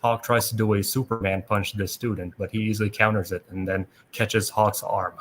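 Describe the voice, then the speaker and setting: Low, flat-voiced man reading a recap. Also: brisk, slight background noise. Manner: steady read-aloud narration with small restarts. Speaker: podcast host. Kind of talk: reading a plot recap aloud.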